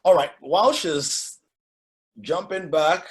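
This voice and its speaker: A host hosting a live online event, hyping up the audience in the chat and filling time during connection trouble. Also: mid-range voice. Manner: hypes up the chat, slow and lively.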